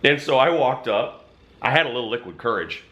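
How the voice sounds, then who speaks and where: A man's voice: mid-range voice, lively intonation, a little fast, a bit bright. A man who hosts a channel and belongs to a motorcycle club, telling a story to camera in casual, emphatic talk with some mild swearing.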